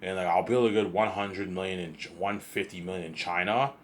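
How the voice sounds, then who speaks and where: Deep-voiced Canadian man rambling casually. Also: fairly even intonation, fairly quick, a little hiss or hum. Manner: rambling, repeats words, swears casually. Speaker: host.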